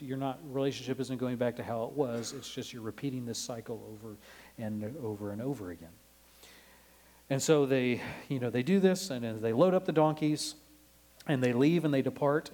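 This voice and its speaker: A man's voice: medium pitch, darkish tone, rough recording. Casual preaching man, loose and chatty. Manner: conversational, with many fillers and restarts. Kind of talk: sermon on a Bible passage.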